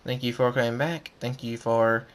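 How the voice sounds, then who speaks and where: A man reads a homemade story aloud, often stumbling and restarting his lines. His voice sits at a middle pitch. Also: steady tone, background noise. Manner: halting, stumbling reading. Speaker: narrator. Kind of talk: reading fan fiction aloud.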